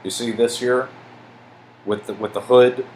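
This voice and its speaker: A man casually rambling over pictures as a video host, excitable and swearing, stumbling as he reads aloud. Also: medium pitch, measured pace, a little hiss or hum, rough recording.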